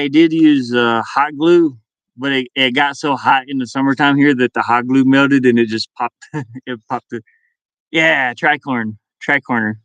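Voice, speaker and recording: A man's voice: medium pitch, fairly bright tone, clear, resonant tone, no echo. Laughing, rambling man chatting in a van. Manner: rambling, laughs often, restarts words. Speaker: streamer chatting with viewers. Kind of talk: casual live-stream chat. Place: inside a van.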